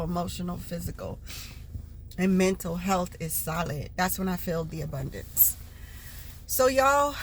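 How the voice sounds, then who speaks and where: A woman talking through a personal, reflective vlog, emotional, soft-spoken and halting. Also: medium pitch. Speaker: vlogger. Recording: loud car noise behind.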